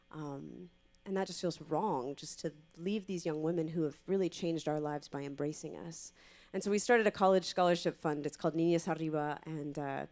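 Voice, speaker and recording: A woman's voice: deep voice, a little mellow. A woman singer speaking casually on stage to an audience, with many fillers, before performing a song. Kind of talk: spoken introduction to a live song.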